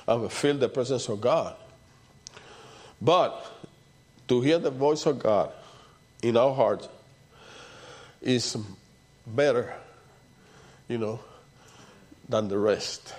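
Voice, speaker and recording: Man preaching in a conversational way. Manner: conversational preaching with repeated "you know" and "see"; swings between soft low asides and rising emphatic points. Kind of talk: sermon.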